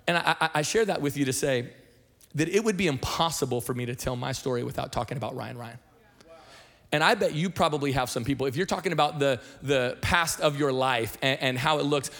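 A middle-aged man from Washington state, a senior pastor telling his testimony in a sermon, talking fast and conversationally with many restarts and repeated words. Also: mid-range voice, a bit bright. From Washington state, USA.

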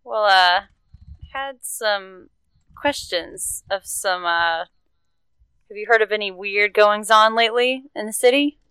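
A woman playing a calm male adventurer. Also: mid-range voice, takes it slowly, clear, resonant tone, no echo. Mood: easygoing. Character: male adventurer, level-headed leader. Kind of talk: tabletop role-play voice.

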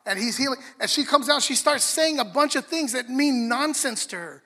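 A man preaching a sermon, animated, acting out the story in different voices. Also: very high voice, normal speed. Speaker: pastor. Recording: long reverb of a large hall.

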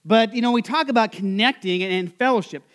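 A man's voice: high-pitched, brisk, fairly bright tone. A man from Nebraska preaching a sermon to his congregation in a chatty way, with lots of fillers and questions put to the people in the pews. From Nebraska, USA. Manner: conversational, full of fillers, asks the congregation questions. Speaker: pastor. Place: church service.

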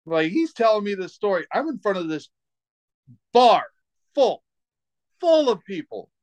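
A man's voice: sits high, very animated, unhurried, darkish tone, no echo. A man chatting casually as a stand-up comedian co-host, telling stories about shows, swearing and laughing. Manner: storytelling, swears freely, laughs a lot. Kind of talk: casual podcast chat.

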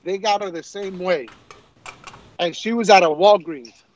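A man with a high voice chats casually on a podcast. He tells stories animatedly and swears often. The recording sounds dull and muffled. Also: measured pace, a crowd in the background. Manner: animated, profane storyteller. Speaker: podcast co-host. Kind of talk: casual chat.

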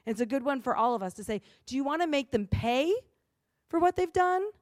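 A woman pastor giving a sermon in an earnest, expressive way, acting out the lines she quotes. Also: high voice, a little fast, dry recording, clean studio sound.

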